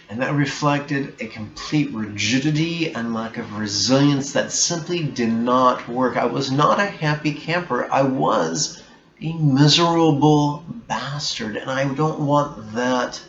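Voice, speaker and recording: A man speaking very slowly and deliberately at a middle pitch, giving a reflective meditation talk with blunt emphasis. The room echoes around him, and the sound is dull and slightly muffled, with a faint hiss underneath. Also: fairly bright tone. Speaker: meditation teacher.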